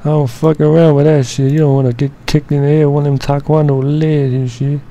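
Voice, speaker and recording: Talking fairly quickly in a level, dark-toned and slightly high voice, a man narrates his editing work. His screen-recording commentary is casual and profane, loaded with slang, jokes and rambling.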